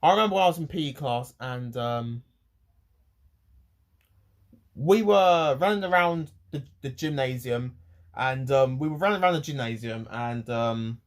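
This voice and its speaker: An eighteen-year-old man rants to camera, rambling, with many pauses and restarts. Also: medium pitch, lively intonation. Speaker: vlogger. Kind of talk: ranting to camera.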